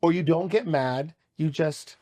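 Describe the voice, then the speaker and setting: A man hosting a podcast, telling stories in an animated, casual way and swearing freely. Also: on the high side, a little slow. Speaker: podcast host.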